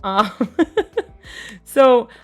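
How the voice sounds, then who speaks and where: A young woman streamer casually telling a tabletop game story, rambling with fillers and casual swearing, growing more animated as it goes. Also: on the high side, very slow, clean tone, faint music behind. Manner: gets louder and more animated as the story builds.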